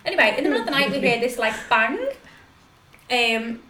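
A young woman in her twenties telling animated stories in a casual chat, laughing often. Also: fairly high pitch, fairly quick. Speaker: podcast guest. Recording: echoey room with noise.

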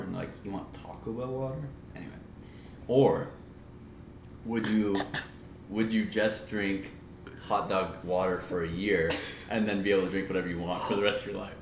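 A man's voice: deep voice, slight background noise. A man co-hosting a podcast in casual chat, rambling and giggly, often acting out little quotes. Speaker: podcast co-host. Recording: roomy echo.

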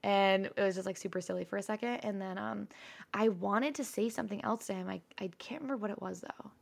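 Gravelly young woman telling a story. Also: medium pitch, quick pace. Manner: chatty, swearing freely, animated storytelling. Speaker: podcast co-host. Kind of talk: casual chat.

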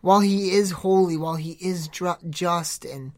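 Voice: medium pitch, moderate pace, darkish tone. A podcast host preaching informally in an earnest, exhorting way, rambling with many restarts and self-corrections. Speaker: podcast host giving a devotional.

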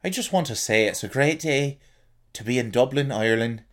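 A man's voice: mid-range voice, lively intonation, fairly quick, fairly bright tone. A man hosting a podcast, casually reading out listener cities and joking around. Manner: reads out listener cities, jokey, tries silly accents. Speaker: podcast host. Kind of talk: casual solo podcast chat.

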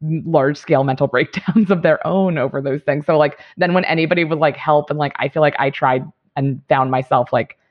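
A woman's voice: low-pitched, fairly quick, hardly any pauses. A woman comedian telling a rambling story in casual podcast chat, laughing between her thoughts. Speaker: guest comedian. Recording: dull lo-fi sound.

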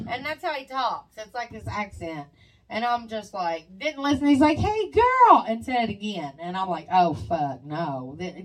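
A woman chats loosely on a podcast. She curses often and acts out other people's lines in put-on voices. She sits a little back from the mic, so the sound sits a bit at a distance. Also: medium pitch. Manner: swearing, storytelling with mimicked voices. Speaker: podcast co-host. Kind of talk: casual chat.

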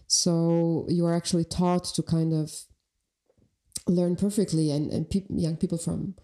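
A woman's voice: fairly low pitch, flat delivery, a little slow, mellow. A woman from Albania, a podcast guest talking reflectively and thinking aloud. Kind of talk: conversational interview.

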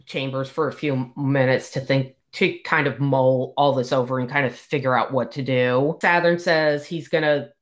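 Woman, low voice, chatty book-discussion co-host, retells scenes with quoted lines. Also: steady tone, moderate pace, few pauses.

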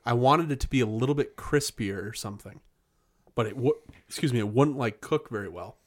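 A man's voice: mid-range voice, lively intonation, a little fast. A man from Wisconsin hosts a podcast with easy, joking banter. His voice sits in the middle range, and he peppers his talk with swearing. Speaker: podcast host. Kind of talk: casual chat.

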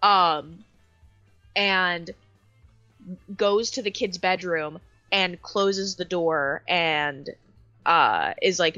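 A young adult woman co-hosting a podcast, telling an animated story with swearing and lots of fillers. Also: fairly low pitch, very slow, long pauses, no echo, lo-fi sound, soft background music. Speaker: podcast co-host. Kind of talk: casual chat.

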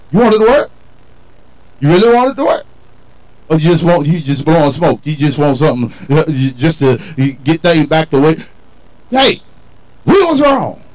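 A man's voice: high-pitched, low-quality recording. A man preaching a sermon in a colloquial, call-and-response style, emphatic and folksy. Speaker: pastor.

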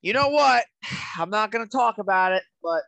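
A man's voice: sits high, lively intonation, moderate pace, creaky, a crowd in the background. A man co-hosting a podcast in casual chat, rambling and leaning heavily on "you know" fillers. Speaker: podcast co-host.

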